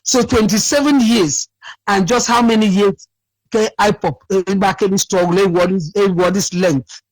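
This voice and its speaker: Sleepy caller, high dry voice, rambling, mixes in his dialect. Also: normal speed, no room sound, low-quality recording. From Akwa Ibom State, Nigeria. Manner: rambling, repeats himself, switches to his dialect. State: sleepy, cracking voice. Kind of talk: phone-in call to a radio show.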